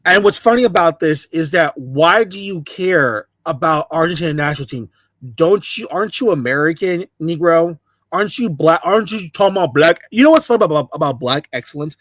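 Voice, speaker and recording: High-voiced sarcastic man ranting. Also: very animated, a little fast, a bit bright, dry recording. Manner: sarcastic, mocking, repetitive. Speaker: commentator. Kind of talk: mocking rant to camera.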